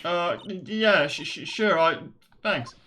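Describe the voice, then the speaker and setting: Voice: medium pitch, expressive, slow pace, bright, forceful tone, faint music behind, pitched below the performer's own voice. A streamer voicing a nervous young male lawyer who stammers and makes dry remarks. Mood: flustered.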